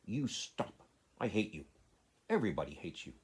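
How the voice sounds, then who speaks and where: A man voicing a furious, bossy little girl who shouts fierce commands. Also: sits low, moderate pace, husky. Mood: furious, scolding.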